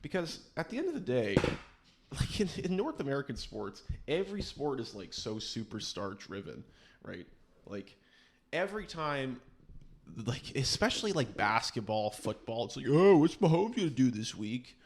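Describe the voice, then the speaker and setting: A man's voice: medium pitch, big pitch swings, normal speed. A man hosting a podcast, rambling through casual chat with sarcastic, mock-serious asides. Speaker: podcast host.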